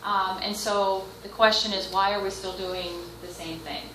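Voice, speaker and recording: A woman's voice: mid-range voice, fairly even intonation, moderate pace, a bit bright, slight background noise. A woman presenting at a teacher training session, hesitant with lots of fillers. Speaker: workshop presenter. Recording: echoey room from far off.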